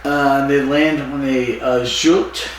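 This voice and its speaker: Slow, halting man in an echoey room. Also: mid-range voice, fairly bright tone, a little hiss or hum. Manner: slow, halting, recaps plot with many fillers. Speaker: podcast co-host. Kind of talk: casual chat recapping an episode. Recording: echoey distant room mic.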